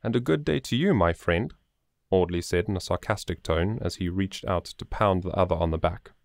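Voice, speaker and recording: A man narrates a storybook in a measured, steady manner. His voice sits on the low side and is recorded dry and close, with no room sound. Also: gravelly, no room sound. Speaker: audiobook narrator.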